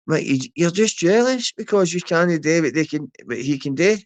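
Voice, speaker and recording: Animated and rather high-pitched, this Scottish man barely pauses at normal speed as he swears and hurls insults during a livestream rant. He rambles and talks directly to viewers by name.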